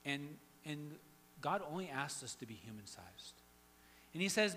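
A man preaching a sermon as pastor, conversational, swinging from hushed to loud and emphatic. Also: on the high side, big pitch swings, measured pace. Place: church sanctuary. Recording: long hall reverb, faint hum.

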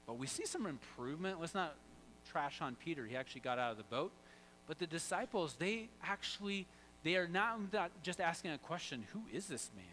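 A pastor preaching a sermon, animated, swinging from loud to hushed and quizzing the congregation. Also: male voice, fairly high pitch, slight background noise, rough recording.

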